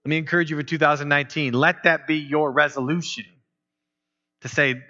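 A man's voice: fairly high pitch, steady tone, brisk, pushed and bright. A man preaching as a pastor, in a conversational style full of rhetorical questions. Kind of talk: sermon. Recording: dull lo-fi recording.

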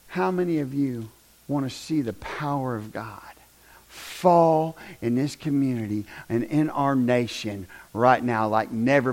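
A man, preaching a fiery revival sermon in a church, swinging from shouts down to a near-whisper. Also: high voice. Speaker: pastor.

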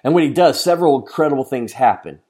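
A man preaching a sermon as a pastor, earnest, often asking the listeners questions and moving from emphatic lines to hushed ones. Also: medium pitch, animated, fast. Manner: addresses listeners directly with questions.

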